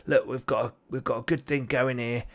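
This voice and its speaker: A man's voice: medium pitch, steady tone, creaky, close to an everyday voice. A man voicing a suspicious, well-armed male goblin guard in a tabletop game who fires questions at strangers. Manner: nosy, quick to question.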